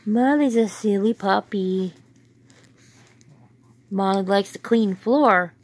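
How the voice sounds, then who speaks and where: A woman's voice: medium pitch, takes it slowly. A woman filming her dogs at home on a phone, talking to them in a playful baby-talk way with chuckles. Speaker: dog owner filming her pets. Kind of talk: casual talk to pets. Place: home indoors.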